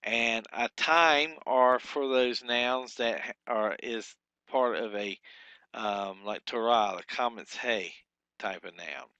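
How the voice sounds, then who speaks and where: Slow halting man teaching Hebrew. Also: mid-range voice, sharp tone, clean tone, no room sound, dull audio. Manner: halting, many fillers and restarts. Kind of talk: lecture with slides.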